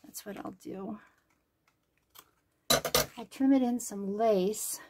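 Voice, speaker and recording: A woman's voice: medium pitch, slow pace, heavy background noise. A woman making things at home and talking to herself as she works, chatty and thinking aloud, now and then dropping to a whisper. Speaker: crafting vlogger. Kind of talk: casual talk to herself while crafting. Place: home craft room.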